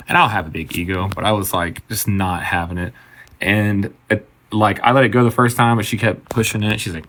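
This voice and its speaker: A man's voice: lowish voice, steady tone, fairly quick, fairly bright tone. A man who works as a bartender, telling a story in a loose, conversational way, swearing and acting out the quotes. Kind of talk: casual storytime.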